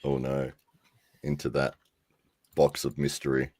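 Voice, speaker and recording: Deep-voiced Australian man, easygoing chat. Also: monotone, unhurried, a little mellow, no echo. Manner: easygoing, laughs often, jokes around. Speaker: podcast co-host. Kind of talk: casual chat.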